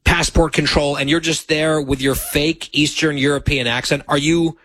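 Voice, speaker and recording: A man's voice: on the high side, fairly even intonation, normal speed, fairly bright tone, no echo. A man in casual chat, teasing and skeptical as he asks questions.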